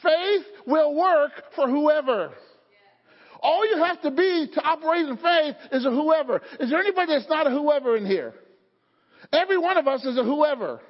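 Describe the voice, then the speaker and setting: Male pastor, very high pitch, call-and-response sermon, dull lo-fi sound with lingering church echo. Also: lively intonation, normal speed. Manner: call-and-response preaching, rising to fervent emphasis. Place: church sanctuary. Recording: dull sound, long hall reverb.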